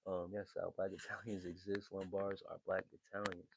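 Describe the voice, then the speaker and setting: A man's voice: deep voice, level tone, brisk, gravelly, few pauses, a little mellow, husky. A man, hosting a livestream and chatting loosely with his chat, full of fillers and slang. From New Jersey. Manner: laid-back, loose slangy talk with many fillers. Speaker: livestream host reading chat.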